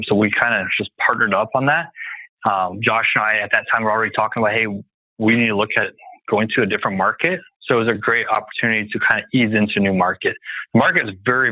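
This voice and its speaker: A man's voice: mid-range voice, dry recording. A man as a guest in a casual interview, talking confidently and emphatically, often making his points as lists. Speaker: guest real estate investor. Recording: dry tinny phone-like line.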